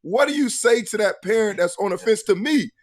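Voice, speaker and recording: A male talk show host telling stories and asking questions in a lively, slangy way. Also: sits high, a little fast. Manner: animated storyteller, slangy. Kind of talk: casual sports talk show hosting.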